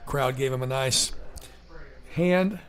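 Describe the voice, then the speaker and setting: A man calling a high school football game play by play in a folksy, emotional way, breaking into excitement on big plays. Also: slow. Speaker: play-by-play commentator. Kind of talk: live local sports commentary. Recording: crowd noise behind.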